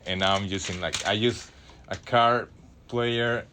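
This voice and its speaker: Man hosting a radio show, low voice, halting and rambling, faint background hiss. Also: steady tone. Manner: rambling, halting, many fillers and restarts. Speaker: radio host. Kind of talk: casual solo radio talk. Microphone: studio microphone.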